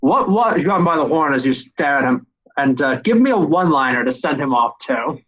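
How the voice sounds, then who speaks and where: A man running a tabletop game as game master, thinking aloud with hesitant pauses. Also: fairly high pitch, lively intonation, fairly bright tone, highs cut off.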